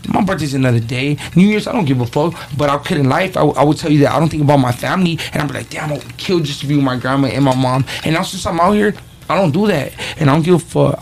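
A man telling profane, animated street stories in casual talk. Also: on the high side, fast, creaky, slight background noise. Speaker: podcast guest, rapper. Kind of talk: casual storytelling.

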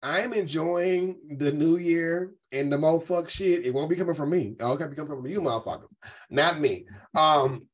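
A man's voice: on the high side, moderate pace. A man hosting a live stream, talking in a sassy, campy way full of "um"s. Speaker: host. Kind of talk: casual live-stream commentary.

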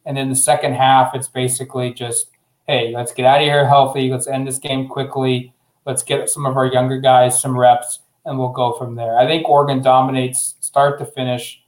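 A man hosting a casual sports podcast, talking through his predictions in a relaxed way with frequent fillers. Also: medium pitch, normal speed. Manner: relaxed, uses fillers, thinks aloud. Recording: roomy echo.

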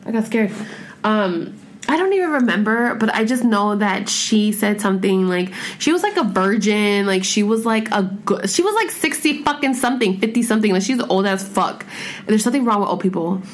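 A woman in her thirties chatting casually at home as a podcast host, rambling and expressive, with heavy swearing and filler words. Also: mid-range voice, moderate pace. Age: 30s. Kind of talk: casual chat. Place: home room with pets.

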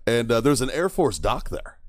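A man's voice: medium pitch, sing-song, normal speed, dry recording, studio quality. Laughing, profane man telling a wild story. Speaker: podcast host. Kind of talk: casual storytelling with friends.

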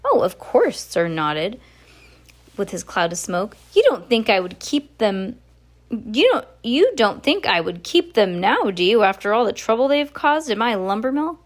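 A woman's voice: mid-range voice, very animated, a little slow. A woman reading as a blunt, stern mill boss. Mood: insistent. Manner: blunt, dismissive. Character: stern older male mill owner.

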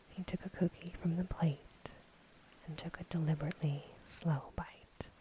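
A woman whispering a calm, steady storybook narration in a whispered role-play. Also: low-pitched, a little slow, low-quality recording.

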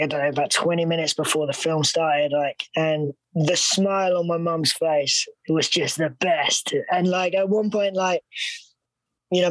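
A man's voice: fairly high pitch, fairly bright tone, dry recording, rough recording. A British man, a guest actor on a podcast, telling stories in a chatty, laughing way with lots of fillers. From United Kingdom. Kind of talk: casual podcast interview.

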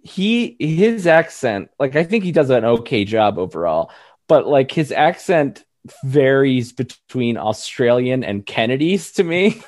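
A man's voice: medium pitch, sing-song, measured pace, darkish tone, dry recording, studio quality. A man co-hosting a podcast, chatting casually through a review, laughing often and using many fillers. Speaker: podcast co-host.

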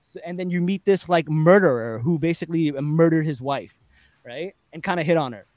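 A man on a podcast casually retelling a TV episode, animated and laughing, acting out the characters' lines. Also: on the high side, brisk, dry recording. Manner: animated storytelling, laughing often, acting out quotes. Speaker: podcast host. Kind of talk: casual chat, recapping a TV episode.

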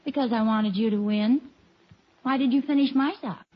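A woman playing a sweet, affectionate middle-aged wife and mother in a 1950s radio sitcom, gentle and doting, on a dull old radio recording. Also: fairly high pitch, normal speed, slight background noise, natural voice.

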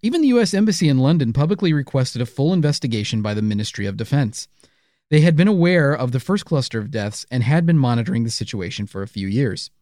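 A man's voice: mid-range voice, expressive, quick pace, darkish tone, no room sound, studio quality. A man co-hosting a true-crime podcast, narrating casually with playful jokes. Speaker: podcast co-host.

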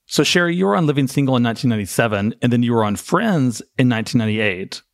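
A man's voice: mid-range voice, lively intonation, quick pace. A man hosting a casual interview, asking earnest, reflective questions. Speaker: interview host.

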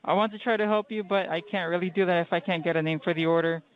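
On a low-quality recording, a restaurant worker with a high, level voice talks fast. Answering a caller on the phone, he's polite yet hesitant, apologizing often and repeatedly addressing the person as "sir."

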